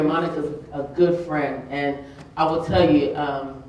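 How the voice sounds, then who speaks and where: Woman, earnest conference speaker, booming hall echo, distant mic, faint room ambience. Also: a little slow, crowd noise. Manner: earnest, tearful at moments, laughing asides. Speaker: keynote speaker. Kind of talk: emotional public speech. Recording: echoey hall, mic from far off.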